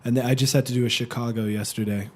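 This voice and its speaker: A man's voice: medium pitch, steady tone, fast talker, a little hiss or hum. A man from Canada, an actor guest, chatting casually in a teasing, slangy way and laughing often. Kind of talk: casual chat.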